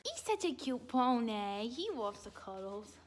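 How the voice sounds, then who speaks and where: Bubbly high-voiced young woman vlogging. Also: big pitch swings, a little slow. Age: 20s. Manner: bubbly, chatty, often laughing. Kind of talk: casual vlog chat. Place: horse barn and outdoors.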